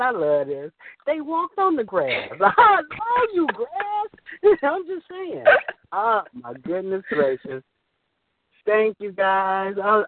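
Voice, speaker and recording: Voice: medium pitch, dry recording. An emotional, giggling caller who rambles cheerfully on a call-in show over the phone. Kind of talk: casual call-in chat. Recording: phone line.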